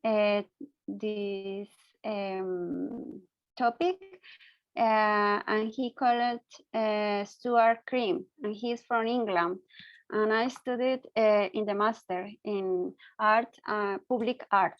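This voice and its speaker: A Colombian woman, a native Spanish speaker, slowly searching for words in English during an online discussion. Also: medium pitch, fairly even intonation, no echo, dull audio. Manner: slow, searching for words, laughing asides. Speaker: discussion participant. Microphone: video call.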